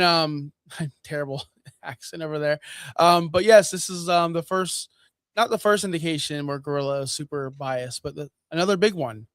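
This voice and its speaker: A man co-hosting a podcast in casual sports chat, excitable and frank about his opinions. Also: on the high side, dry recording. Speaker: podcast co-host.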